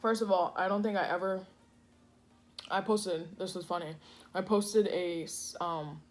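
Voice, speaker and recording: A woman's voice: fairly low pitch, steady tone, measured pace. Chatty woman rambling over a meal. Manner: chatty, rambling, many fillers. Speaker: food vlogger. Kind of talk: casual eating vlog chat. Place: home kitchen.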